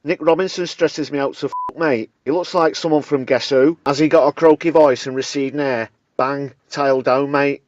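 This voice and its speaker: A man playing a brash female politician with a thick Mancunian accent, cocky, combative and full of slang. The voice sits fairly high for a man and comes through a dull, dry, lo-fi recording. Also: fairly even intonation, moderate pace, few pauses, no room sound, lightly acted. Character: brash, blunt northern female deputy prime minister.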